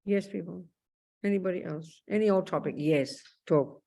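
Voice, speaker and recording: A woman's voice: fairly low pitch, moderate pace, creaky, warm tone. A woman with an Australian accent giving a blunt, emphatic dharma talk as a Buddhist nun, calling her listeners darling.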